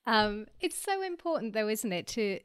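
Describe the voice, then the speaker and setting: A woman's voice: a little high, very animated, moderate pace, clean tone, dry recording. Woman host, dry close sound. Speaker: podcast host. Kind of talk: casual interview chat.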